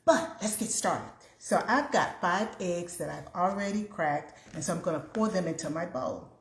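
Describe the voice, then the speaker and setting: A woman's voice: on the low side, lively intonation, normal speed, slight background noise. A woman hosting a home cooking video, chatting casually with viewers as she works in her kitchen. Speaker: home cooking show host. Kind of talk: casual cook-along chat. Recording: echoey kitchen room.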